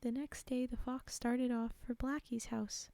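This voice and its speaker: Soft-spoken woman reading fairytales aloud. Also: on the high side, flat delivery, measured pace, creaky, no echo. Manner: soft, often half-whispered, chatty asides. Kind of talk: live-stream story reading.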